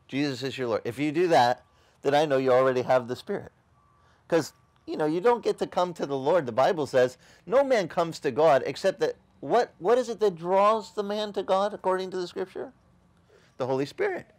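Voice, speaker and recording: A man's voice: a little high, expressive, fairly quick, a little mellow. A man preaching a sermon as a pastor. He talks conversationally, quizzes the congregation with rhetorical questions and mocks opposing views in dismissive quoted voices. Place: outdoor beach service.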